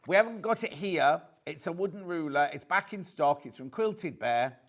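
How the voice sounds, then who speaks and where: A man's voice: on the high side, animated, normal speed, noisy background. A British man presenting on a live shopping channel, chatty and prone to repeating words as he reads out viewer messages.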